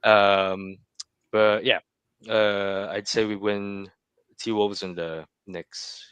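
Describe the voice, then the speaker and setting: A man co-hosting a casual sports podcast, talking hesitantly with many pauses. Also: lowish voice, level tone, fairly bright tone, clean tone, no room sound. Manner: hesitant, lots of fillers. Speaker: podcast co-host.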